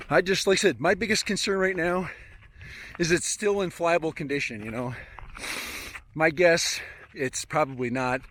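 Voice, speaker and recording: A man's voice: a little high, fairly bright tone. A man narrating a casual outdoor vlog while hiking through open country, chatty and rambling and often chuckling. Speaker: drone hobbyist vlogger.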